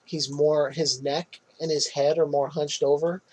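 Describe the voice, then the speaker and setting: Husky-voiced man recapping a movie. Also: a little high, level tone, unhurried, a little mellow, low-quality recording. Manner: loose, swearing, laughs often. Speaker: podcast co-host.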